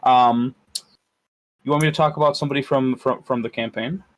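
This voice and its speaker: A man's voice: medium pitch, fairly even intonation, fairly quick, low-quality recording. A man co-hosting a podcast as game master, chatting casually, rambling and joking with plenty of fillers. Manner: rambling, jokey, lots of fillers.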